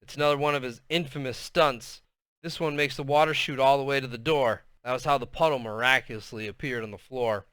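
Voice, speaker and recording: A man's voice: medium pitch, steady tone, fairly quick, a bit bright, clear, resonant tone, dry recording. A man reading a children's novel aloud, with casual asides between chapters. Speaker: reader.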